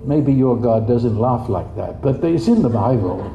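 A man preaching a sermon in an animated way, jumping up in pitch for quoted voices. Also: unhurried, creaky, a little hiss or hum. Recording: dull, echoey room.

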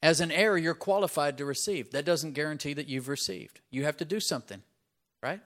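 A middle-aged male pastor preaching a sermon, conversational with asides of "right?" and rising loud and emphatic on his key points. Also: a little high, fairly quick.

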